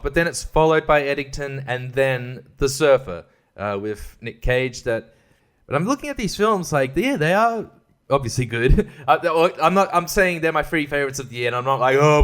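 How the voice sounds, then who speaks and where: A man's voice: a little high, fairly bright tone, clean tone. A young man hosting a solo podcast in a casual, rambling way, often stumbling and restarting with little laughs. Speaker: podcast host.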